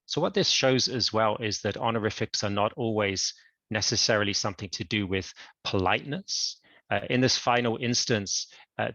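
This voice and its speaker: A male university lecturer giving an online academic lecture, explaining in a measured way. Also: lowish voice, pushed and bright, no room sound, lo-fi sound. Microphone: computer mic on a video call.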